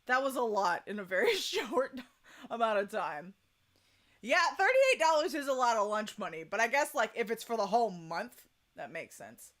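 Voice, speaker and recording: A woman's voice: a little high, very animated, normal speed, a bit bright. A young woman streaming a game, chatting casually, giddy and gushing, with occasional swearing. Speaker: let's play streamer. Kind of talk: casual gaming commentary. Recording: game music underneath.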